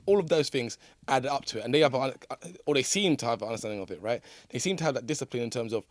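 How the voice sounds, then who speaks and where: A man interviewing a guest in relaxed, casual talk. He is agreeable and often restarts his phrases. His middle-pitched voice sounds dry and close. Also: fast, dry recording. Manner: easygoing, agreeable, hesitant restarts.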